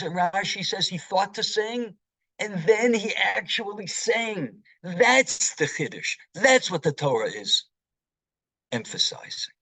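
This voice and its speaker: A man delivers a sermon as a rabbi, speaking at an unhurried, measured pace. His somewhat high voice carries a breathy, husky edge. He works through his points with rhetorical questions, and the sound is close and dry. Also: pushed and bright, no echo, low-quality recording. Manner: slow, deliberate teaching with rhetorical questions.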